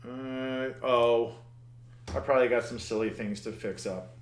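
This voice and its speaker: A programming instructor walks through a lesson on his screen, talking to himself, grumbling at the code, and starting sentences over. He speaks in a steady, mid-range voice at normal speed, in an echoey room.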